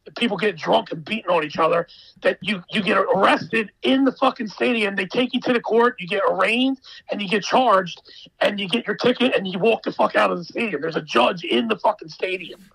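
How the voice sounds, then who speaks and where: A man's voice: sits high, a little fast, vocal fry, fairly bright tone, husky, no echo, rough recording. A man talking as a podcast guest, ranting emphatically in casual, profane chat.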